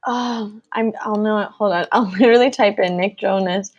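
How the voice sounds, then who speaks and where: A woman's voice: medium pitch, normal speed, dull audio. A young woman with a Canadian accent, co-hosting a casual podcast and laughing often. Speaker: podcast co-host. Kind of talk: casual chat.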